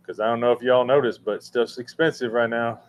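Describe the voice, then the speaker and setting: Casual livestream host, male, middle pitch, halting and rambling, lots of fillers. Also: steady tone. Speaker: livestream host answering chat. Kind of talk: casual live chat. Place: room with a fan running.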